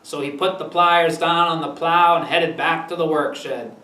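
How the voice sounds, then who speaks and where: Maine guy reading his funny story out loud, high bright voice, far from the mic. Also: steady tone, moderate pace, echoey room. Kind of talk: reading aloud a humor book.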